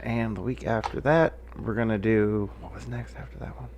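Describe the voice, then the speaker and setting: A young man with a lowish voice co-hosting a podcast. He keeps it laid-back and mostly gives short replies, and he laughs easily. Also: fairly even intonation, moderate pace, darkish tone, lo-fi sound, slight background noise. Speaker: podcast co-host. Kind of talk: casual chat.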